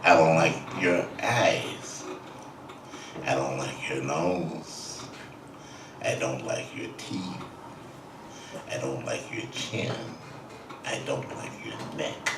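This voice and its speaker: A man voicing a calm, cutting older jazz bandleader who lists his insults slowly and with scorn, as part of a story told at a public talk. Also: noisy background, full character voice. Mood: scornful. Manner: slow, low, scornful list of insults. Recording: roomy hall audio from a distance.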